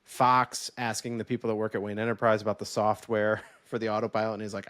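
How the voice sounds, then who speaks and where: A man co-hosting a podcast in casual chat, telling stories with lively quoted voices and frequent laughs. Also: lowish voice, fast, dry recording. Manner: animated storytelling with quoted voices, laughs often. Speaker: podcast co-host.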